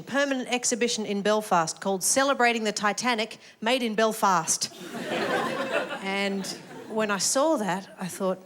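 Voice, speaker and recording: A woman with an Australian accent performing a chatty, self-mocking stand-up comedy set on stage before a live audience. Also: on the high side. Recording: live comedy club, roaring audience laughter.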